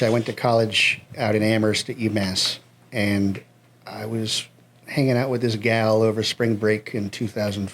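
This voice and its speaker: A man's voice: on the low side, a little hiss or hum. A man in his thirties from western Massachusetts with a New England accent, a musician guest telling a story in casual chat, laid-back and swearing freely.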